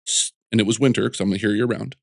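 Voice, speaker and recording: A man who sculpts, chatting as an interview guest, telling animated stories full of restarts and little voices. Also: fairly low pitch, quick pace, vocal fry, no room sound, clean studio sound. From United States. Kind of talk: casual interview chat.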